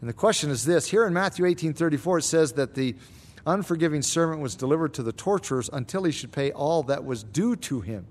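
A man answering Bible questions as a pastor, explaining scripture in a measured, teaching way. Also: fairly high pitch, lively intonation.

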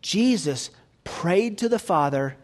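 Man, preacher, sermon, slightly high voice, hushed to loud swings, rhetorical questions. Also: animated, slow. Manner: dramatic swings from soft near-whispers to loud emphatic peaks; asks the audience rhetorical questions.

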